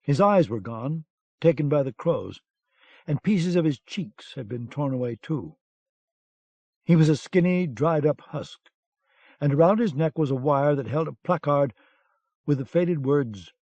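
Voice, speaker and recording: A man narrating an audiobook with a measured, dramatic reading, recorded on a dull lo-fi cassette. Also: medium pitch, animated, mellow, no room sound.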